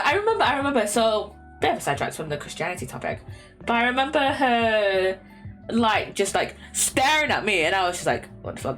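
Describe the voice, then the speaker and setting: A woman's voice: medium pitch, a bit bright. A young woman chatting casually on a stream from her bedroom, rambling with lots of fillers, restarts and little laughs. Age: young adult. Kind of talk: casual chat. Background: faint lo-fi music.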